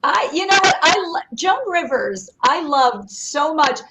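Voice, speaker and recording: A woman comedian guesting on a podcast, chatty and animated as she tells stories. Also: high-pitched, unhurried, rough recording. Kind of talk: casual podcast chat.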